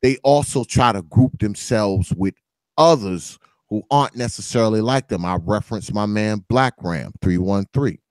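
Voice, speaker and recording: A man's voice: fairly low pitch, moderate pace, darkish tone, dry recording. A man hosting a podcast in casual, loose chat, swearing freely and laughing often. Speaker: podcast host.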